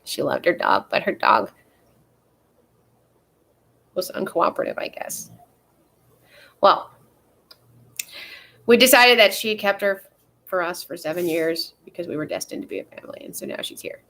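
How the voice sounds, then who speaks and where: A woman's voice: on the low side, normal speed, creaky, pauses often, a bit bright. A young adult woman vlogging in casual chat, rambling and swearing freely, with lots of fillers. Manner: rambling and profane, with frequent fillers.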